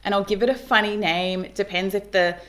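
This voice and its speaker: A woman, a speech pathologist explaining to parents on camera, upbeat and animated, modelling speech sounds as she goes. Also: medium pitch, a little fast.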